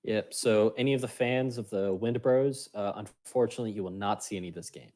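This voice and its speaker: A man with a fairly low voice calls an esports draft in a relaxed, offhand way. He keeps it light, slipping jokey asides between his reads of the game. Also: fairly quick. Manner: playful, jokey quips. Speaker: esports caster. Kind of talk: casual esports commentary.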